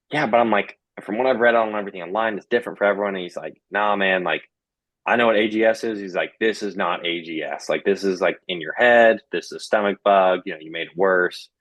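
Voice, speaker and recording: The guest, a young man with a low, slightly bright voice, recounts a personal story conversationally, full of fillers and quoted back-and-forth. The recording is dry.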